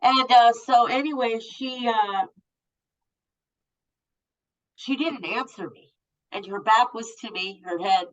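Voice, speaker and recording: A woman's voice: a little high, measured pace, highs cut off. A woman in her fifties, a guest telling a personal story in a blunt, raw and profane way. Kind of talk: candid storytelling.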